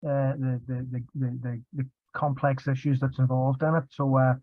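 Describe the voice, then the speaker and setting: Northern Irish male moderator, monotone, halting, muffled lo-fi dry call audio. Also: medium pitch, dry recording. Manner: hesitant, repeats words. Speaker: webinar moderator. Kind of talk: moderating a webinar.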